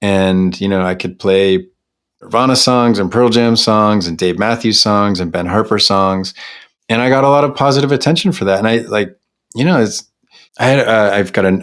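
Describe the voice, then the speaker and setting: A man's voice: lowish voice, moderate pace. A middle-aged man from Canada, a singer-songwriter talking candidly as an interview guest, reflective and self-deprecating with many restarts.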